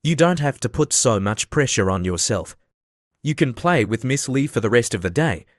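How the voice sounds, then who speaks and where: A strict middle-aged mother speaking in formal, measured sentences, as a male narrator reads her lines. The read is plain and mid-pitched. The recording is dry. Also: animated, dry recording, natural voice.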